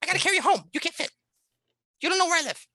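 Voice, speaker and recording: A man voicing a tiny, manic male white mouse spirit, frantic and energetic. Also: extremely high pitch, rapid-fire, gravelly, voice pushed up, exaggerated voice.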